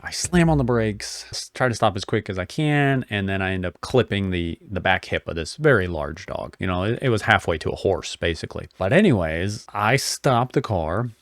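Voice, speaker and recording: A man's voice: on the low side, lively intonation, normal speed, hardly any pauses, no echo, studio quality. A middle-aged man telling a personal story in a casual, earnest way. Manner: earnest, plain storytelling with many restarts. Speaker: vlogger.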